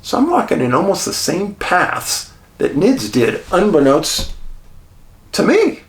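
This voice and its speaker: A man with a gravelly, mid-pitched voice recounts a documentary shoot in a relaxed, conversational way. His delivery is animated, with wide swings in pitch, chuckles and dramatic pauses. The room around him gives the voice a noticeable echo. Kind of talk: casual behind-the-scenes storytelling. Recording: roomy echo.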